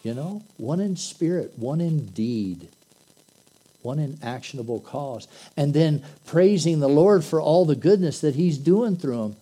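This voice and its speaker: A man's voice: fairly high pitch, animated, a little slow, mellow, breathy edge, low-quality recording. A man preaching an earnest, conversational sermon that swells into emphatic bursts. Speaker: pastor.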